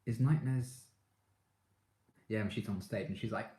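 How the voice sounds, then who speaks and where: A deep-voiced man hosts a relaxed live stream, chatting with viewers and getting excitable as a fan. He laughs often between comments. The sound carries a roomy echo. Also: unhurried, long pauses. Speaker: live streamer reading chat. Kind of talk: casual live-stream chat.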